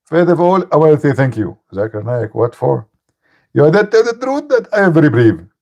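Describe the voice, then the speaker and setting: A man doing a mocking impression of an excitable male preacher who talks in a high, pompous, sputtering way. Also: a little fast, gravelly, exaggerated voice. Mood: indignant.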